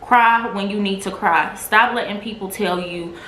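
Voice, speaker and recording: A woman's voice: mid-range voice, normal speed, a bit bright. A woman vlogger candidly telling a personal testimony in a casual, filler-heavy way. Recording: echoey room with faint noise.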